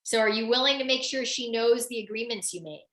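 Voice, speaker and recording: A woman coaching a client live on a webinar, her voice fairly high and bright. She talks in an animated, emphatic way, leaning on "like" and repeating her key phrases. The sound is roomy and echoey. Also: a little fast. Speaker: business coach hosting a webinar.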